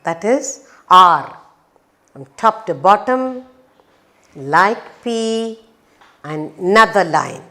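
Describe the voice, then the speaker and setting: Slow-talking woman teaching phonics. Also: medium pitch, lively intonation, pushed and bright. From India. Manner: slow, sing-song teacher voice, acting out sounds. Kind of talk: phonics lesson for children.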